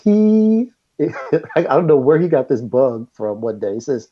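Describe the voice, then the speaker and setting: A man's voice: mid-range voice, unhurried, muffled recording. Laughing middle-aged man telling stories. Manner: animated, laughing storyteller. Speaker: guest. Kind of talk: storytelling in casual chat.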